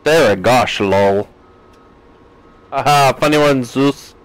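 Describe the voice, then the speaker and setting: An American man in his thirties is streaming a game live and talking with his chat, reading messages aloud and joking along. His voice sits at an ordinary middle pitch. It is recorded close and dry, with no room echo. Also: slow. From United States. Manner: chatty, reads chat aloud with playful jokes.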